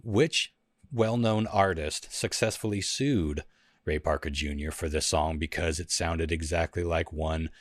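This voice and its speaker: A man hosting a music lyrics quiz in a casual podcast, playful and quick to laugh. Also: dry recording, studio quality. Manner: playful, laughs often, sings lyrics in a high falsetto. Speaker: host running a lyrics quiz.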